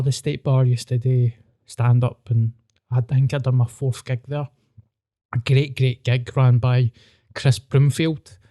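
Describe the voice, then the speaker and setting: Sweary Glaswegian man, dark dry voice. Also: mid-range voice, no echo. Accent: Scottish, Glasgow. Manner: sweary, rambling storyteller. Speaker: podcast host. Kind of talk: casual chat.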